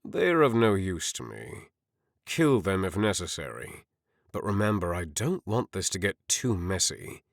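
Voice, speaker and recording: A man's voice: low-pitched, big pitch swings, a little slow, gravelly, dry recording, clean studio sound, exaggerated voice. A man voicing a cold, threatening, power-hungry lord in an audiobook. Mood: scheming. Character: scheming older lord, menacing and power-hungry.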